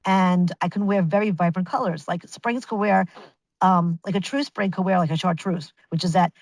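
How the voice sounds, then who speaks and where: Chatty, animated middle-aged woman storyteller. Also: fairly low pitch, normal speed, dry recording, rough recording. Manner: animated, chatty, with many restarts and acted-out quotes. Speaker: guest. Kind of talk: casual storytelling interview.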